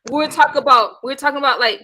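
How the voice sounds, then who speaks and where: Bright high-voiced woman hosting a live chat. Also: very fast. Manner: playful, peacemaking, talks to chat. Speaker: host. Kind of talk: casual live-stream chat.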